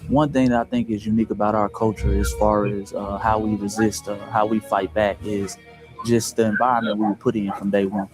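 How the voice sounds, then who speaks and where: A man giving a measured explanatory commentary, with frequent filler words. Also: fairly low pitch, flat delivery, over music, poor audio. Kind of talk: commentary clip.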